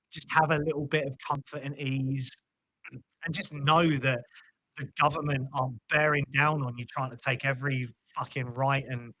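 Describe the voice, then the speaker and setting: A man's voice: medium pitch, pushed and bright, dry recording, rough recording. A young British man hosting a live stream, ranting casually about politics, swearing freely and restarting his sentences.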